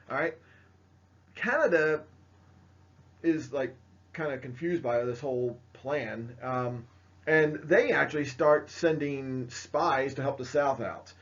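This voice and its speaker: Male teacher with a mid-pitched voice, lecturing casually over slides, dull lo-fi recording. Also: takes it slowly, a bit bright. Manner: casual, filler-heavy, pointing at slides. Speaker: history teacher.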